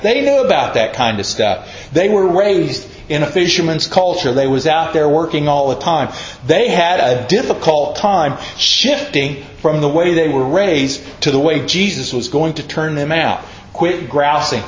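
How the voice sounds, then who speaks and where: A man's voice: fairly high pitch, animated, normal speed. A man preaching a folksy, plain-spoken sermon in a church, acting out the quotes he tells. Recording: echoey, muffled church recording.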